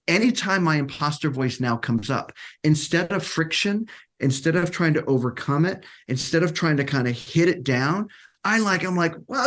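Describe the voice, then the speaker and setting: A man career coach talking casually as a podcast guest, animated and acting out quotes, with frequent restarts. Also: fairly high pitch. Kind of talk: casual interview talk.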